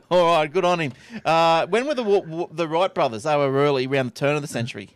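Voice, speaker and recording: A man hosting a tech podcast in a casual, chatty way, with quick asides. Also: on the high side, clean tone, no room sound. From Australia. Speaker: podcast host. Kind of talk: casual chat.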